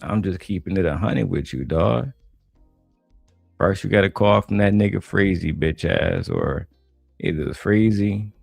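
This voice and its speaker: Deep-voiced blunt mocking man. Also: a little slow, creaky, darkish tone, breathy edge, no echo, studio quality, faint music behind. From Detroit, USA. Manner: blunt, mocking, heavily profane. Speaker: online commentator reacting to a panel. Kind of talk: profane reaction commentary.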